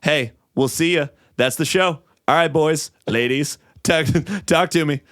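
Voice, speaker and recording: A man's voice: on the high side, measured pace, a bit bright, no echo, clean studio sound. A man co-hosting a podcast, joking loosely through casual banter and sign-offs. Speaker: podcast co-host.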